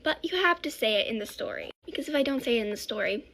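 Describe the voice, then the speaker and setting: Chatty woman storyteller, self-correcting, slightly high voice. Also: quick pace, vocal fry. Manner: rambling, self-correcting, animated. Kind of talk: casual storytime.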